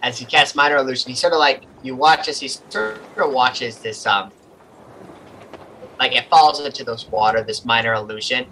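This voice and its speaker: A man runs a tabletop game session with easygoing narration. His voice is bright and forward, and a faint hiss sits under it. He talks at an everyday pitch. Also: moderate pace, low-quality recording. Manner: casual, loose narration with "sort of, like" fillers. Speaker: game master.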